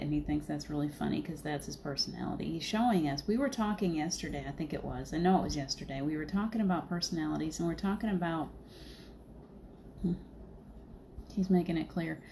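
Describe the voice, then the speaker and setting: A woman talks through a casual livestream, wandering from thought to thought and breaking into laughter often. Her voice sits on the low side. A faint hum stays in the background. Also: brisk, warm tone. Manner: chatty, laughing often, rambling. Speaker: spiritual medium, livestream host.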